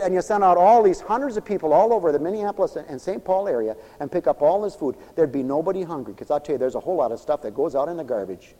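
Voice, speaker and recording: A man preaches with a somewhat high, wildly swinging voice that climbs from quiet asides to ringing cries. He tells his stories by playing every character's lines himself. The sound rings with a long hall reverb. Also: expressive, fast, few pauses. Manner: storytelling with acted-out quoted dialogue, swinging from hushed to fervent cries. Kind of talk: sermon.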